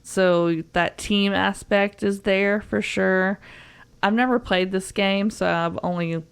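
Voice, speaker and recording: A woman's voice: mid-range voice, fairly even intonation, slow, gravelly, clean tone. A young woman with a Southern US accent, chatting as a podcast co-host, rambling with fillers and frequent giggles. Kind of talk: casual podcast chat.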